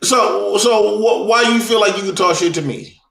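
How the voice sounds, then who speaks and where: A man's voice: high-pitched, moderate pace, gravelly, fairly bright tone. A man hosting a livestream, teasing and crude in casual banter. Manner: teasing, crude, laughs a lot.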